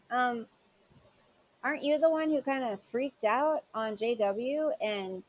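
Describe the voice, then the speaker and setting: A woman's voice: mid-range voice, measured pace, low-quality recording. A woman hosting a commentary show, sarcastic and scolding as she mocks the clips she reacts to. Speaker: commentary channel host.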